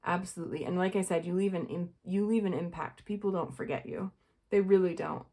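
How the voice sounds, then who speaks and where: A woman's voice: lowish voice, steady tone, a little fast, mellow. A young woman giving a casual tarot reading to her viewers, chatty and rambling, full of fillers and little laughs. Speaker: tarot reader.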